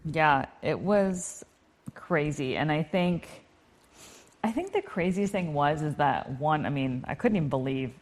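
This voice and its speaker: A woman in her forties from Canada, co-hosting a podcast in relaxed, chatty conversation. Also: sits low, measured pace. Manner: relaxed, chatty, filler-heavy. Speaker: podcast co-host. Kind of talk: casual podcast chat.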